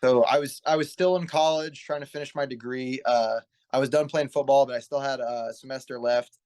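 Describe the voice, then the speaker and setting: Speaking briskly in a mid-range, slightly mellow voice with fairly even intonation, this twentysomething man is a pro wrestling guest on a casual interview. He recounts his story in an earnest, meandering way and frequently corrects himself.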